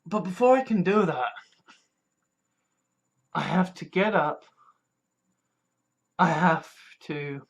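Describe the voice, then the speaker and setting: A vlogger talks slowly and frankly to camera, with a pitch that rises and dips a lot. The delivery is blunt and full of swearing and sighs. Weary muttering turns now and then into loud, mocking outbursts. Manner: blunt and profane, with frequent sighs and trailing restarts; swings between weary mutters and mocking shouted quotes. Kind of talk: candid personal monologue.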